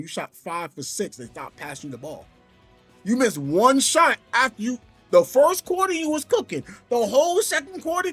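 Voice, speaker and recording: A man streaming from home, telling a gaming story in an animated, exasperated way. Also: very high-pitched, breathy edge. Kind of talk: casual livestream rant.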